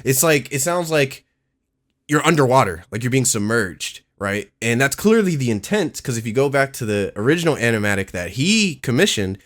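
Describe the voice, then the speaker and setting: A young man giving casual, excitable reaction commentary, profane and slangy. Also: medium pitch, normal speed. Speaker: reaction video host. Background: song playing faintly.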